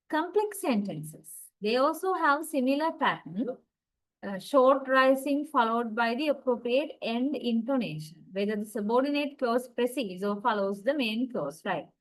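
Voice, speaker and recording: A woman's voice: a little high, lively intonation, a little slow, low-quality recording. A woman teaching a university class on English intonation, explaining step by step, checking in with "right?" and acting out example sentences. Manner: demonstrates sentences with exaggerated intonation. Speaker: lecturer.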